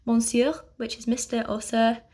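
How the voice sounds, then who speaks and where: A young woman teaching an online language lesson, patient and clear, pausing to let learners repeat after her. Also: on the high side, little pitch movement, warm tone. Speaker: French teacher.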